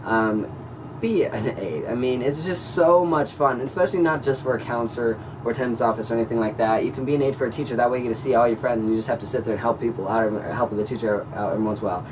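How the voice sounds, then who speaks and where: Teenage guy, casual vlog, rambling and excitable, fast talker, slightly distant mic, faint background hum. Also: mid-range voice. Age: teens. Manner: rambling, excitable, says "like" and "you guys" a lot. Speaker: vlogger.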